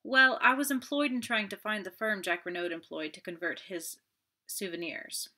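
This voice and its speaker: A woman's voice: medium pitch, steady tone, moderate pace, sharp tone, lightly acted. Woman doing a fussy proud detective. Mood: earnest. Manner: formal, clipped, emphatic. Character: fussy proud male detective, precise and dignified. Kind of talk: audiobook character voice.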